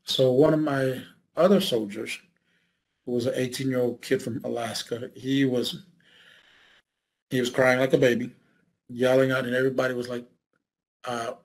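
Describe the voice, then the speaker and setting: A man recounting his military service in an oral history interview, speaking haltingly with many fillers and restarts. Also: mid-range voice, fairly even intonation, rough recording.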